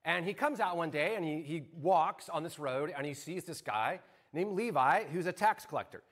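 A man with a notably high voice preaches a sermon in a church sanctuary. He talks in a relaxed, conversational way and often stops to ask the congregation questions. His pace stays easy as he moves between story and scripture. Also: normal speed, breathy edge. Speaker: pastor.

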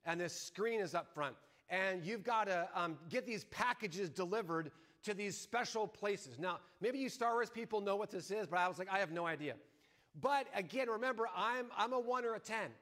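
A middle-aged man preaching a sermon, an animated storyteller who acts out his own shouts. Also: sits high, moderate pace. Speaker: pastor.

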